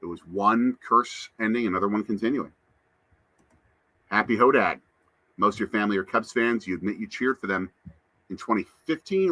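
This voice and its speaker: A man's voice: on the low side, pushed and bright, dry recording. A man hosting a casual live stream, chatting to viewers and reading out their comments. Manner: chatty, answers chat comments. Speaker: livestream host.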